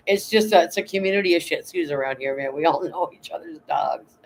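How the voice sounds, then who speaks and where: A man's voice: fairly high pitch, fast talker, slight background noise, poor audio. Blunt, rambling man on a livestream. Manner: rambling, blunt, swears casually. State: tired. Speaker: vlogger reading live chat. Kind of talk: casual livestream chat.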